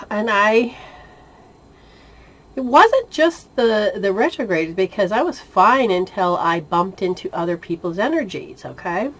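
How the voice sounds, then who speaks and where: A woman shares a personal spiritual experience in a loose, chatty storytelling way. She is animated, laughs often and acts out the voices in her conversations. Her voice sits at a medium pitch. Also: unhurried, long pauses. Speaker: spiritual intuitive sharing experiences. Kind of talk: casual storytelling monologue.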